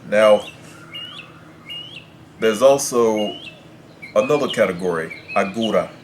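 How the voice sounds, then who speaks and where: A man teaching a Spanish pronunciation lesson in English, measured and repeating his points to make them clear. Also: lowish voice, animated. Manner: measured, repeats and rephrases explanations. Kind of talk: explanatory language lesson. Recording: clear background noise with birdsong. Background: birds chirping.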